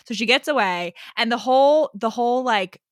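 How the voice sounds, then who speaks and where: Brief: young female co-host, animated retelling, lots of filler words, casual swearing, dry close mic. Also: a little high, normal speed, dry recording. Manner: lively storytelling, heavy filler words, swears freely. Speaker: podcast co-host. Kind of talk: casual chat.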